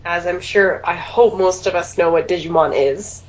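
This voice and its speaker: A woman's voice: on the low side, normal speed. A woman co-hosting a casual podcast chat while sick and congested, with a dry, teasing manner. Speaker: podcast co-host. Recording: slightly dull lo-fi sound.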